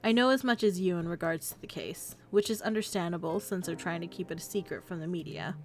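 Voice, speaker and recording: A woman's voice: on the low side, quick pace, a little mellow, faint music behind, voice pushed down, close to an everyday voice. A woman reading the lines of a cold, stern young man in a visual novel, in a curt, biting manner.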